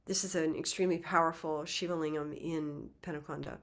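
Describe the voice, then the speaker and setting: A woman giving a spiritual talk, telling a myth in a lively, conversational way with casual asides. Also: sits low, fairly quick. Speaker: spiritual teacher. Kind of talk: casual storytelling lecture.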